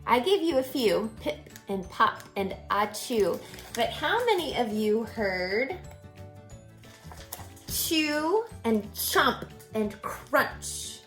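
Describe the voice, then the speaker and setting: Slow, expressive woman reading aloud. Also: a little high, soft background music. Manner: expressive, playful. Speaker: teacher. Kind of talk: read-aloud storytelling and lesson.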